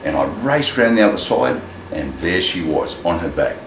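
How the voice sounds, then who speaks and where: A man telling a personal story in an animated way, acting out the voices in it. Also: low-pitched, normal speed. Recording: echoey room with clear ambient noise.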